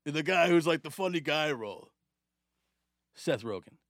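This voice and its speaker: Gravelly New man, animated profane storyteller, lively bright voice. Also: fairly high pitch, moderate pace, dry recording, studio quality. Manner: animated, profane, laughs often. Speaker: podcast guest. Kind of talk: casual storytelling.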